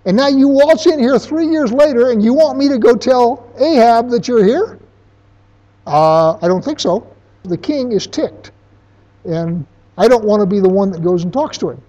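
A man voicing a frightened royal servant who pleads in a high, panicked tone. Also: lively intonation, normal speed, dark tone. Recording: dull lo-fi recording.

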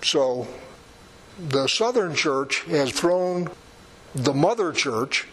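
Male preacher, fairly high voice, plain-spoken sermon with dry humor. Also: expressive, drawn-out words, fairly bright tone, slight background noise, low-quality recording. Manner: conversational, emphatic, with wry asides.

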